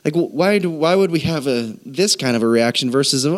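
Animated male pastor preaching a sermon. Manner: animated storytelling, voices people in a high pitch, slows and drops low for emphasis.

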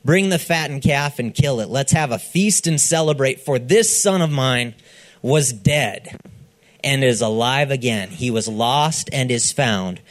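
A man preaching a sermon, retelling a parable with lively delivery, acting out the characters' lines and checking in with his listeners. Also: mid-range voice, a little slow. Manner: checks in with the audience, "okay?". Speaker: pastor.

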